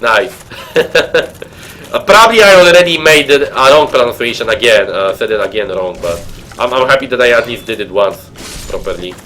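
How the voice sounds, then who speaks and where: In casual let's-play chat, a Polish-accented man from Poland talks to his stream viewers as he plays, rambling and chatty with frequent fillers and restarts. His mid-range voice is expressive, bright, and forceful at a moderate pace, with a little hiss or hum in the audio.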